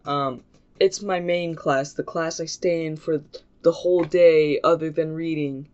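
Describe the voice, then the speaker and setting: A man's voice: fairly high pitch, a little mellow, clear, resonant tone. A man telling a childhood story in a casual, rambling vlog, with lots of fillers and restarts. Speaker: YouTuber. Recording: dull lo-fi recording.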